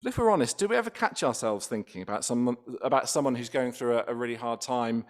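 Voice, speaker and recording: A man's voice: mid-range voice, lively intonation, fast, few pauses. A man preaching a sermon in a church, talking conversationally, often restarting and asking rhetorical questions.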